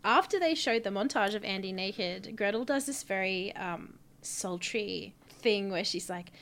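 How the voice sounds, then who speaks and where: A woman co-hosting a podcast in casual chat, animated and laughing often as she talks. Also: mid-range voice, a little slow. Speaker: podcast co-host.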